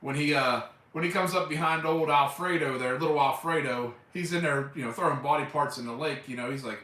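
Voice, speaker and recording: Male streamer, chatty and rambling, sharp bright tone, roomy sound. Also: on the high side, brisk, hardly any pauses. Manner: rambling, enthusiastic, with loose swearing and fillers like "man". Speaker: live streamer. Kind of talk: casual chat. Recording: echoey room, mic at a distance.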